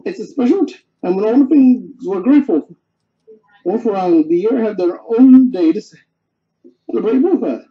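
A man's voice: high voice, expressive, unhurried. Christopher Robin, a man doing a polite cheerful boy. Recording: dull lo-fi home recording.

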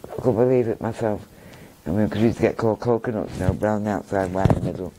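A man's voice: lowish voice, fast talker, warm tone, slight background noise, poor audio. A middle-aged man from Norway with a Manchester accent, telling rambling stories in a casual interview and often repeating himself. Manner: chatty, rambling, repeats himself, laughs at his own stories. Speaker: guest.

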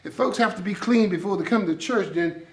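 A man preaching an animated sermon in a church, storytelling with laughter. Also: sits high, fairly quick, a little hiss or hum. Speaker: pastor. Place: church sanctuary. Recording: echoey sanctuary, distant mic.

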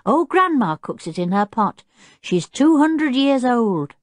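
A woman voicing a cheerful circus boy who is proud of his chimpanzee, talking in a bright, eager, chatty way. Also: fairly high pitch, big pitch swings, a little slow, no room sound, voice pushed up.

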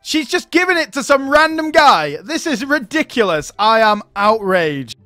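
A man's voice: very high-pitched, sing-song, normal speed, bright, forceful tone, dry recording, clean studio sound. A man giving chatty gameplay commentary as he plays, chuckling often between remarks. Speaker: gaming YouTuber.

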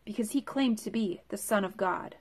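Woman reader voicing a demanding male crowd, raised and insistent, mid pitch. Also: moderate pace, a little mellow, slightly rough. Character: angry shouting crowd of men.

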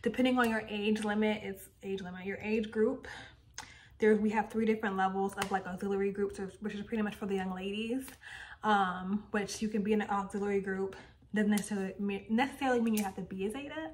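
A woman's voice: mid-range voice, steady tone, fairly quick, slight background noise, low-quality recording. A woman in her thirties chatting casually to her viewers in a rambling vlog. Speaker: lifestyle vlogger.

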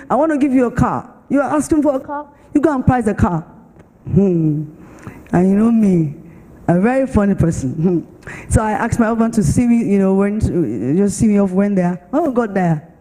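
A woman pastor with a Nigerian accent, giving a sermon with an animated, storytelling testimony in a church hall. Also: mid-range voice. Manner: animated storytelling, acts out other voices. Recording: long church-hall reverb.

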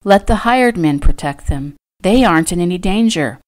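A woman's voice: fairly low pitch, lively intonation, normal speed, a little mellow, lightly acted. A woman voicing a worried but determined young woman in an audiobook, speaking earnestly and emphatically. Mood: emphatic.

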